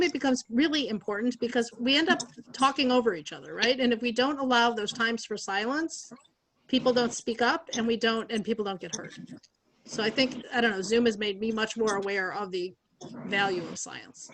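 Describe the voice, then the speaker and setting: A woman facilitator on a video call, sharing reflections with a group in a calm, thoughtful way. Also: on the high side, brisk, a little hiss or hum, poor audio.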